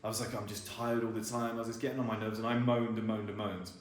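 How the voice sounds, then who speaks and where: A man's voice: lowish voice, level tone, quick pace. A British man telling a story in casual, chatty conversation. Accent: British English. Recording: echoey room with faint noise.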